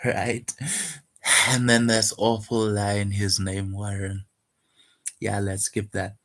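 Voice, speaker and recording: Man, low voice, slow, halting, soft and guarded, casual monologue. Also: monotone. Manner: halting, hesitant, many fillers and restarts; soft-spoken, wistful, guarded. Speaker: poet vlogger.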